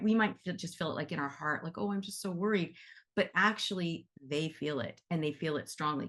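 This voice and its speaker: Chatty woman teaching, lower voice. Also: gravelly, fairly bright tone. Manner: chatty, demonstrative, laughs easily. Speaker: animal reiki teacher. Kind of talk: casual teaching session.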